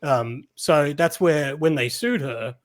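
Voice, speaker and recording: Guest, Australian man, fairly high voice, hesitant and loose. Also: slow pace. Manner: hesitant, many ums and restarts. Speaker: guest content creator. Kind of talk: casual interview.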